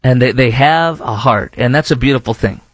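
A man's voice: mid-range voice, moderate pace, breathy edge, dry recording. A man with a Texan accent hosting a talk show, rambling through casual commentary with frequent restarts and fillers. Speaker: show host.

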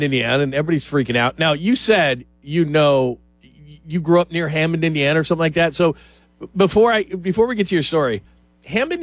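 A man's voice: a little high, dry recording. A man hosting a talk show, riffing with opinions and mock quotes in casual chat. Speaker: radio show host.

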